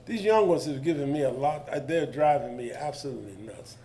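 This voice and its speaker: This man in his seventies talks fairly quickly at a fairly high pitch. He's on a discussion panel, spinning animated, colloquial stories and jumping into his characters' voices.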